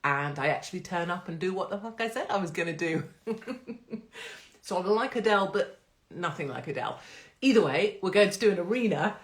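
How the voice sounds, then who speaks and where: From her home in England, a woman hosts a casual live stream on her phone, talking a little fast in a lowish, expressive voice. She's brash and jokey, swears freely, and laughs a lot, and the room gives a roomy echo.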